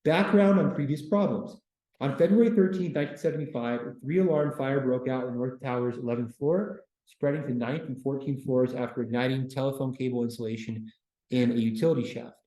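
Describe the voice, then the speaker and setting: A man giving a casual classroom history lecture as a university lecturer, breaking it up with deadpan joking asides. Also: mid-range voice, a little fast. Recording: roomy classroom echo.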